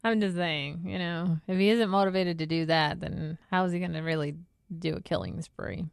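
A woman's voice: lowish voice, steady tone, moderate pace, creaky, clear, resonant tone, no room sound, clean studio sound. A young woman co-hosting a casual podcast, teasing and laughing often. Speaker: podcast co-host.

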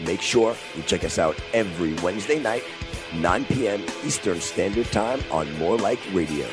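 A man's voice: low-pitched, lively intonation, moderate pace. A male radio host reading an upbeat, joking show promo. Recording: music playing behind.

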